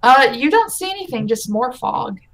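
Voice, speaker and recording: A woman narrating as game master in a tabletop game, chatty and quick to laugh. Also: sits high, big pitch swings, fairly bright tone, rough recording.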